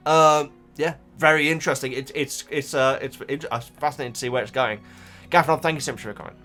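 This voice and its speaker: A man's voice: fairly high pitch, fairly even intonation, quick pace, sharp tone, faint music behind. A man chatting casually as a YouTuber, reading viewer comments with rambling, stammered restarts. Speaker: YouTuber reacting to book comments.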